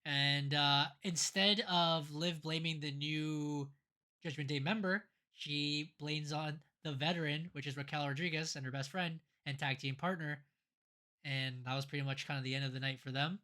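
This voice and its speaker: Podcast co-host, bright tone, rambling casual recap with lots of restarts. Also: mid-range voice, steady tone, normal speed. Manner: rambling, with many fillers and restarts. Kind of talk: casual wrestling recap chat.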